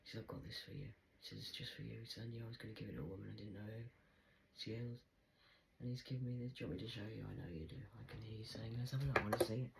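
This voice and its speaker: A woman in a rambling monologue to camera, swearing often and swinging between loud outbursts and hushed whispers. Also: a bass voice, steady tone, racing, vocal fry, slight background noise, poor audio.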